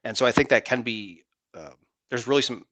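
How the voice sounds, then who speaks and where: A man in sales co-hosting a podcast, talking in an animated, rambling way and acting out his phone calls. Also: medium pitch, fairly quick, dry recording. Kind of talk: casual chat.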